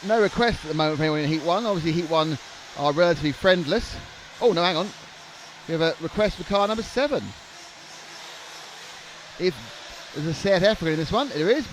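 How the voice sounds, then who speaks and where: A man's voice: on the high side, expressive, fairly quick. A young man doing live race commentary in a joking, rambling way, often stammering and restarting. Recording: noisy trackside broadcast.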